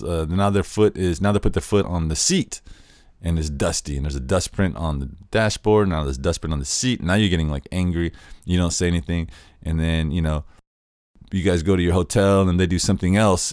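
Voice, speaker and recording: Low-voiced man explaining casually. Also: darkish tone, no room sound, studio quality. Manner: conversational, acts out quoted examples. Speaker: podcast host.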